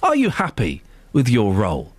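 A man's voice: mid-range voice, huge pitch swings, normal speed, dry recording. A man hosting a phone-in radio show, playful and teasing as he chats with a caller.

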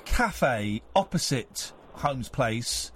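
A man hosting a radio phone-in, teasing callers with quick mock insults. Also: medium pitch, big pitch swings, fairly bright tone, a little hiss or hum. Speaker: radio host.

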